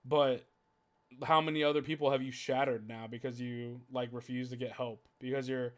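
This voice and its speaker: A man's voice: medium pitch, fairly even intonation, normal speed. A man hosting a casual podcast chat, talking in a heated, profane rant. He piles up "like" fillers as he goes. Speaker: podcast host.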